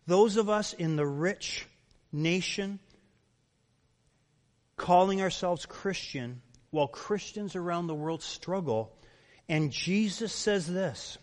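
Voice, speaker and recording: A man's voice: high voice, slow, pauses often. Emphatic preacher man in a reverberant hall. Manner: emphatic preaching full of rhetorical questions. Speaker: pastor. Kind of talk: sermon. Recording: long reverb of a large hall.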